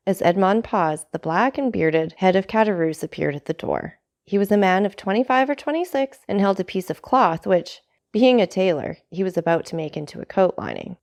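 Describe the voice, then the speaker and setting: A woman narrating a classic novel as an audiobook reader, in a measured storytelling manner. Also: fairly low pitch, vocal fry, darkish tone.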